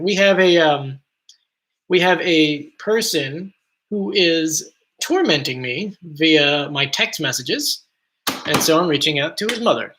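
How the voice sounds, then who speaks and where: This live stream host has a mix of South Jersey and Philly in his accent, and his fairly high voice comes across bright and pushed forward. In a casual, cheerful ramble, he works through viewer comments one after another.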